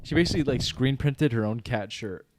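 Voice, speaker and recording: A man's voice: medium pitch, animated, fairly quick, background noise. Laughing, swearing man in casual chat. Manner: laughs often mid-story, swears casually. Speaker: podcast co-host.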